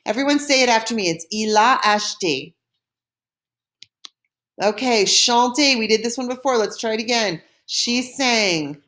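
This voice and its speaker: A woman's voice: fairly high pitch, animated, a little slow, a bit bright. A woman teaching a recorded French lesson, explaining step by step with patience and modeling pronunciation for learners to repeat.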